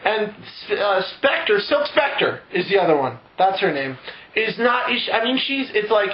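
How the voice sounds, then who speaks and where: Profane rambling man, high voice. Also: very animated, unhurried, lo-fi sound. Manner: profane, rambling, acts out characters in silly voices. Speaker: comedic recapper. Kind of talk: rambling comic story recap. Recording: echoey room with music behind.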